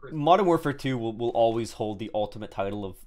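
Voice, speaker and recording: Animated young man hosting a game stream. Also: medium pitch, quick pace. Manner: rambling, with many restarts and greetings to chat. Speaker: streamer host. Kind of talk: casual gaming stream chat.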